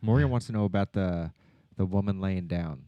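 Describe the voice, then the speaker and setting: A man's voice: low voice, moderate pace, clean tone, no echo, highs cut off. A man co-hosting a podcast, chiming in with short joking remarks in casual chat. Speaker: podcast co-host.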